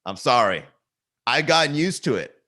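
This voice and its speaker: Bright-voiced man riffing and laughing at himself. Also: mid-range voice, very animated, moderate pace. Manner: laughs at his own jokes, riffs, self-mocking. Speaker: comedian hosting a daily livestream. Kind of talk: casual solo livestream chat. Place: his garage. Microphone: talking to a camera.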